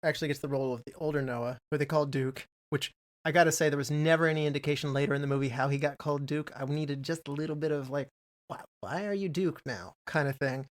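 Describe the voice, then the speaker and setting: Man, film podcast co-host, rambling trivia chat, fairly high voice. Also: level tone, fast. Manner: chatty, rambling, reads out trivia. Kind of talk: casual film discussion.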